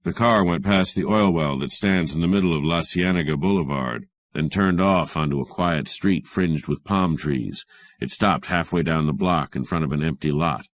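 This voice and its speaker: A man reading a hardboiled crime story aloud as an audiobook narrator, in a measured, even manner. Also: sits low, no echo, clean studio sound.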